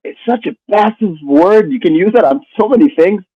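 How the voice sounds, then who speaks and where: A man's voice: high voice, expressive, fairly quick. Teasing man on a dull lo-fi mic. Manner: teasing, crude jokes, playful. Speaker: podcast co-host. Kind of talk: casual podcast banter.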